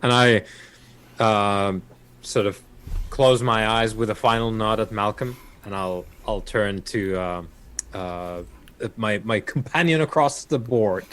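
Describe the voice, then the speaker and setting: A man playing a tabletop game, describing his character's actions in a halting way with many fillers. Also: fairly low pitch, a bit bright, clear, resonant tone. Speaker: player.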